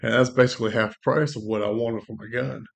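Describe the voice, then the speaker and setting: A man co-hosting a faith podcast, telling a personal testimony as a lively storyteller who acts out what people said. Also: mid-range voice, brisk, vocal fry. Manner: lively storyteller acting out quoted dialogue. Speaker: co-host sharing a testimony.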